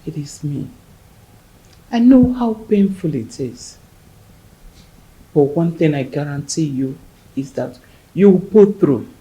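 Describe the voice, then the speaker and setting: An actress playing a widowed woman with a Nigerian accent who gently comforts a grieving friend. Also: animated, takes it slowly, pauses often, rough recording. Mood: consoling. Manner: consoling, gentle and low. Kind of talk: Nollywood film acting.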